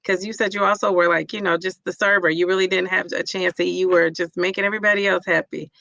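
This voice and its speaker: A woman's voice: fairly low pitch, steady tone, fast, creaky, pushed and bright, dry recording. A middle-aged woman hosting a casual live-stream chat, reading viewer comments aloud and cheering people on.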